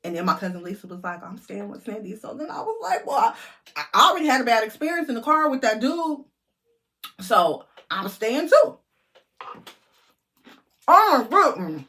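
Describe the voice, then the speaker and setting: A middle-aged woman vlogger telling a lively story to her viewers, chatty and animated. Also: a little high, a little fast.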